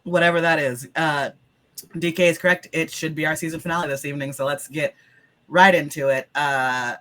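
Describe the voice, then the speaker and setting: A woman hosting as game master, her voice lower than usual because she is sick, in a chatty opening. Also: fairly even intonation, a little fast, a bit bright. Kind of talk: casual stream opening.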